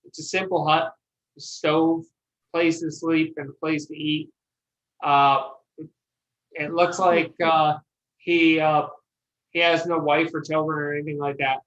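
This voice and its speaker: A game master narrating a tabletop game in a halting way, with many pauses and restarts. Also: mid-range voice, flat delivery, a bit bright. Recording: dull lo-fi audio.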